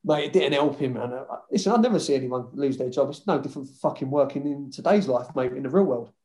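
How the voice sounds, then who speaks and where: A man's voice: mid-range voice, lively intonation, fast, mellow, a little hiss or hum. A man, a former footballer casually telling rambling anecdotes in an interview, swearing freely.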